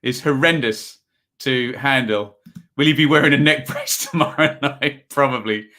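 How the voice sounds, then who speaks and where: Bloke from ipswich doing a footy livestream, bright tone, lots of ums, reads chat out. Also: male voice, mid-range voice, normal speed. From Ipswich, England. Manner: chatty, rambling, reads chat aloud, many ums. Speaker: livestream host. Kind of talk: casual live football commentary and chat.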